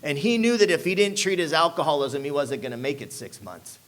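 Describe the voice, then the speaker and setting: A man's voice: fairly high pitch, a little fast, a bit bright. Emphatic man telling his recovery story. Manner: emphatic storyteller, drops frequent "man" and "you know what I'm saying". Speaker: speaker sharing a recovery story. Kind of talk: personal testimony talk to an audience.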